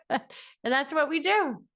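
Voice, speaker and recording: Irish woman with a high voice leading a punchy motivational coaching session. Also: fairly bright tone, dry recording, clean studio sound. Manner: emphatic, repetitive, laughs often. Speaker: business coach.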